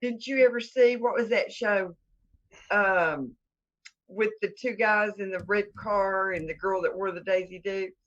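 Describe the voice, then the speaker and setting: A woman's voice: mid-range voice, unhurried, a bit bright. A woman with a Southern US accent, a guest on a live-stream chat show, teasing and laughing. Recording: dull lo-fi stream audio.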